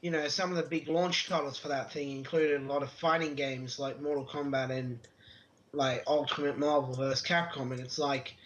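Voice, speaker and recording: A man's voice: mid-range voice, fairly even intonation, normal speed, fairly bright tone. A man chatting casually about video games in a laid-back way, with lots of fillers. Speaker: co-host. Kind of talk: casual gaming chat.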